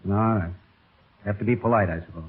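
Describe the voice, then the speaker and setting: An actor playing a brusque, impatient surgeon with a curt, gruff manner, in a 1930s radio drama. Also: male voice, on the low side, a little fast, a little hiss or hum, close to an everyday voice. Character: brusque, driven surgeon turned researcher. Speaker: doctor. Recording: tinny old radio broadcast.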